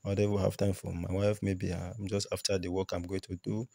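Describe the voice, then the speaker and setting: A man's voice: low-pitched, flat delivery, a little fast, vocal fry, dark tone, no echo. A man teaching cowrie shell reading, explaining with repetition as he points out each shell. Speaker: spiritual teacher.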